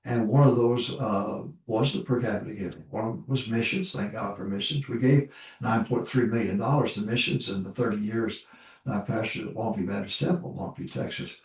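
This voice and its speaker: A man's voice: on the low side, moderate pace. An older man, a pastor, telling folksy stories in an informal ministry talk and repeating his points for emphasis. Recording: roomy echo, voice from far off the mic.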